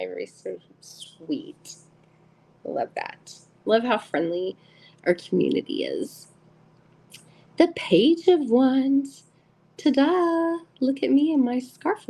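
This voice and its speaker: A woman's voice: medium pitch, gravelly, a little mellow, rough recording. A middle-aged woman hosting a live tarot stream, chatting casually and giggling as she greets viewers by name.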